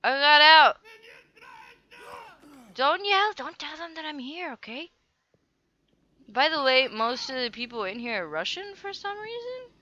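A woman's voice: sits high, big pitch swings, moderate pace, pushed and bright, highs cut off. A young woman giving goofy, playful commentary while playing a video game, chatting to herself and the game. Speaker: let's play gamer. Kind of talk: casual gameplay commentary.

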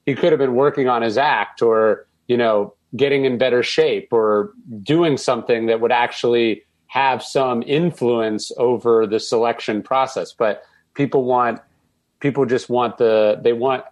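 Quick-talking opinionated male guest. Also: mid-range voice. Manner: quick, opinionated, self-correcting. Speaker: podcast guest, author. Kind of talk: casual conversation.

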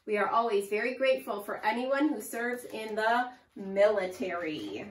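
A woman teaching a preschool lesson to young children, with a slow, sing-song and exaggerated teacher delivery. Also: medium pitch, animated, slight background noise. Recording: echoey room, far from mic.

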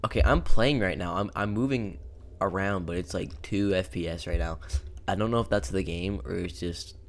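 A young man giving rambling, profane, jokey commentary while playing a horror game, breaking into sudden shouts. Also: low voice, moderate pace. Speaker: gaming YouTuber. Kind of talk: casual let's-play commentary.

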